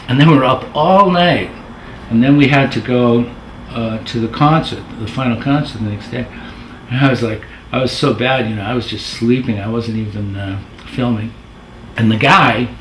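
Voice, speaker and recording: Rambling middle-aged man in an echoey room. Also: medium pitch. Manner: rambling, self-correcting. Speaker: former video editor, guest storyteller. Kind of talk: casual anecdotes. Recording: roomy with faint noise.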